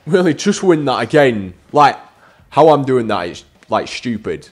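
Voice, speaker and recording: A man giving casual, excitable commentary as he plays a football video game, calling out to his viewers as lads. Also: mid-range voice, moderate pace, breathy edge. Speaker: gaming YouTuber.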